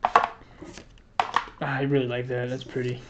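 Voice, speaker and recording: A man chatting casually while opening trading cards, stumbling as he reads card names and rules aloud and dropping the odd curse word. His voice sits at an ordinary pitch. The recording is a bit muffled, with a faint hiss underneath. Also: completely flat delivery, measured pace. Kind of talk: casual unboxing chat.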